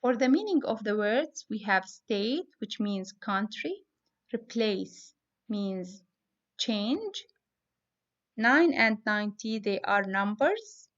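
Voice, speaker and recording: A woman's voice: fairly high pitch, big pitch swings, fairly bright tone, muffled recording. A woman teacher giving a phonics lesson to young students, spelling out letters and sounds step by step. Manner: slow, deliberate, spells out letters.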